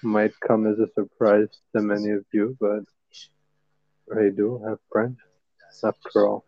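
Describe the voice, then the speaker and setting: A man's voice: fairly low pitch, flat delivery, unhurried, no room sound, dull audio. A man co-hosting a casual podcast, teasing and laughing through the banter. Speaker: podcast co-host. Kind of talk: casual chat.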